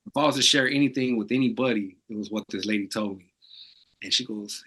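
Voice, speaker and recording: A man from Arizona opens up as a podcast guest, his voice bright and forward yet husky at the edges. He talks in loose, slangy runs, tossing in "bro" constantly while staying earnest and reflective. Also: lowish voice, fast. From Arizona, USA. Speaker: podcast guest, tattoo artist. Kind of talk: casual candid storytelling.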